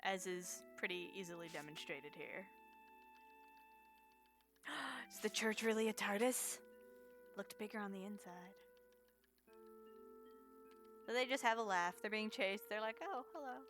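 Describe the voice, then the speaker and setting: A woman's voice: mid-range voice, moderate pace, pauses often, fairly bright tone, soft background music. A woman giving playful, chatty live-stream commentary while speedrunning a game, tossing jokey asides to her chat.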